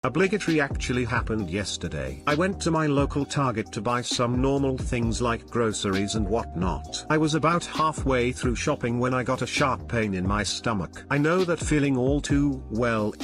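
Man, story narrator, deadpan, mid pitch, soft background music. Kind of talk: reading online stories aloud.

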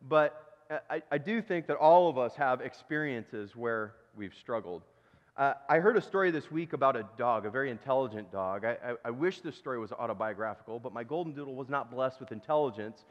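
A male pastor preaching a sermon in a conversational, self-deprecating way, telling a story. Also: medium pitch. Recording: dull recording with long church reverb.

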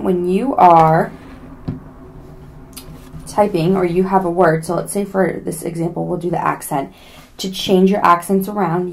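In this casual tutorial demo, a young adult woman shows off a gadget step by step, keeping things chatty and jokey and pleading in jest for subscribers. Her voice is lowish and gravelly.

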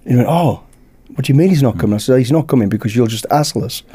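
A British man, a podcast guest, telling a lively anecdote in casual chat and acting out the dialogue. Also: mid-range voice, fast talker, breathy edge. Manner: lively anecdote-teller who acts out dialogue. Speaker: podcast guest, former bodyguard.

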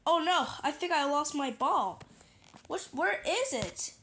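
A high voice playing a sad little dog. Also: female voice, very animated, a little slow, fairly bright tone, full character voice. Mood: worried. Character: sad little dog who lost his ball.

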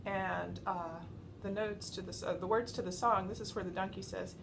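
A woman teaching a violin lesson, patient and encouraging, explaining each step slowly. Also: medium pitch, fairly even intonation, creaky, background noise. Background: violin playing.

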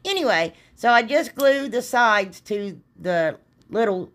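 A woman's voice: a little high, lively intonation, unhurried, fairly bright tone. A middle-aged woman, hosting a craft channel and chatting in a rambling, folksy way, talking straight to her viewers. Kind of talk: casual chatty craft tutorial.

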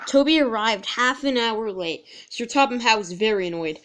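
A woman's voice: a little high, expressive, moderate pace, few pauses, fairly bright tone. A woman narrating a fan-made toy-train episode in plain storytelling.

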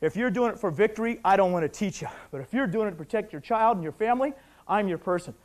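A man's voice: high-pitched, animated, fast. An older man teaching a martial arts technique, talking intensely and emphatically and barking short counts as moves are shown. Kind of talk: instructional commentary over technique footage.

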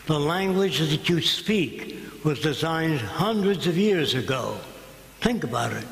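A man's voice: on the high side, a bit bright. Blunt older man lecturing in a hall. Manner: blunt, combative, sarcastic. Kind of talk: public lecture. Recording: echoey hall, room noise.

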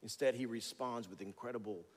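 A male pastor giving a sermon in a church, conversational and animated, with jokey storytelling. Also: medium pitch, brisk, long reverb tail. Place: church sanctuary.

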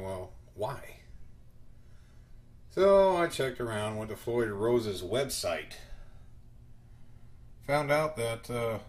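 A man hosting a home guitar tutorial, short of breath and speaking in slow, halting phrases with pauses. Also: lowish voice.

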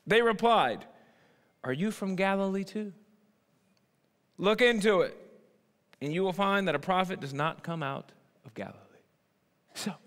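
A man preaching a sermon, swinging from loud emphatic bursts to low, quiet asides. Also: long reverb tail. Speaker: pastor.

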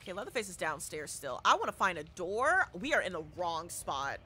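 A woman live-streaming a horror game, talking to her chat with loud, excitable, dramatic reactions. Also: lowish voice, brisk, slight background noise. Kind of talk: live gameplay commentary with chat.

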